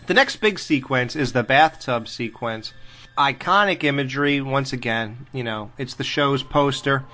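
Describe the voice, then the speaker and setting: Bright-voiced joking man recapping scenes. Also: mid-range voice, normal speed. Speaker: podcast host. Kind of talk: casual movie review chat.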